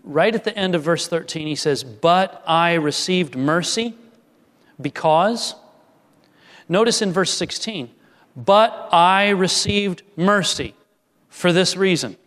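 A man preaching a sermon, earnest, rising to emphatic peaks and dropping to soft, quiet lines. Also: fairly high pitch, expressive, a little slow, long reverb tail. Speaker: pastor.

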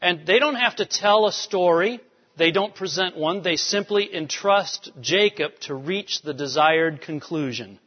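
A man's voice: high-pitched, lively intonation, measured pace. A man teaching a Bible lecture in a conversational way, checking in with rhetorical questions. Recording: dull recording with long hall reverb.

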